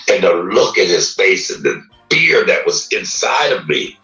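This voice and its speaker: A man earnestly recounting a painful childhood memory in a slow, emotional storytelling manner. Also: low voice, expressive, pushed and bright, dull audio. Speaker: man telling his life story on a livestream. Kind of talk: personal storytelling. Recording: distant roomy playback with music.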